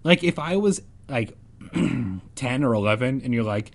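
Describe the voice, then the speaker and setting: Husky man reading with jokey asides. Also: mid-range voice, normal speed. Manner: rambling, joking, self-deprecating. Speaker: reader and host.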